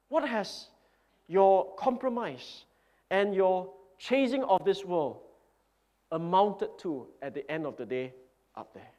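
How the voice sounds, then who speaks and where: Pastor delivering a sermon: an emphatic, earnest man with a slightly high voice and repetitive cadence. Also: big pitch swings, takes it slowly, long pauses, a little mellow.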